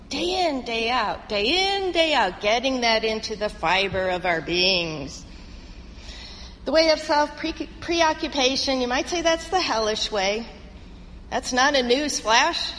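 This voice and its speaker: Woman pastor, high voice, slow measured sermon delivery, reverberant sanctuary. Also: animated, fairly bright tone, a little hiss or hum. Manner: earnest storytelling with rhythmic, measured phrasing.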